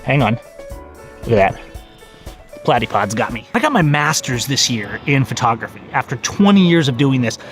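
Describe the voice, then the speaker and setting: A man in his forties vlogging outdoors in a park, talking excitedly about photography and often restarting his phrases. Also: medium pitch, normal speed, faint music behind. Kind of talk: casual outdoor vlog.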